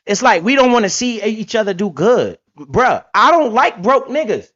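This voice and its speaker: A man from Connecticut hosting a livestream, talking loudly in animated street slang and swearing often. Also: high-pitched, moderate pace. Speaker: livestream host. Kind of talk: casual livestream chat. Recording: lo-fi stream audio.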